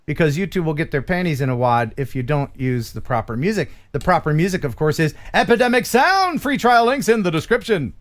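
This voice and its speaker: A man's voice: fairly high pitch, lively intonation, fairly quick, few pauses. A man from the USA hosting a casual live stream chat, joking, laughing often and slipping into playful impressions.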